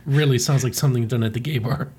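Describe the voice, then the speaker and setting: A man with a husky, breathy edge to his voice, co-hosting a relaxed podcast chat. He talks through comic panels with wry, joking play-by-play, in a loose, conversational way. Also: mid-range voice, fast. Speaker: podcast co-host. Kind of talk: casual group chat.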